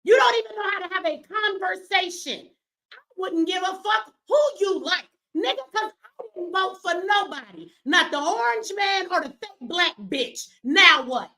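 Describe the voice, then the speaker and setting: A woman running a live stream, confrontational and profane, swinging between yelling at viewers and slow, emphatic explaining. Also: extremely high pitch, lively intonation, vocal fry. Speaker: livestreamer answering her chat; business owner.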